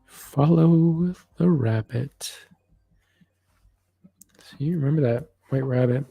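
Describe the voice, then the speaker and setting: A man hosting a live online reading, talking casually with warm affirmations and many restarts. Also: medium pitch, slow pace, vocal fry, slightly rough, phone-quality sound. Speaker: psychic reader hosting a live event.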